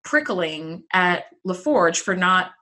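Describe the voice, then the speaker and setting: Young woman podcast co-host, bright lively voice, animated casual chatter. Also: fairly low pitch, slow pace. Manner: animated, exclaims, frequent "like". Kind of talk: casual chat.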